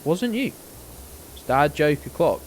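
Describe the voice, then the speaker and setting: British male streamer, sarcastic and sweary, very animated delivery, faint noise underneath. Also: fairly high pitch, measured pace. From Britain. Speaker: game streamer. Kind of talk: casual gameplay commentary.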